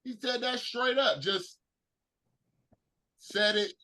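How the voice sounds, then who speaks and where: High-voiced man ranting on a podcast. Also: slow, poor audio. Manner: animated, incredulous ranting. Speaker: podcast co-host. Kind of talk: casual sports podcast chat.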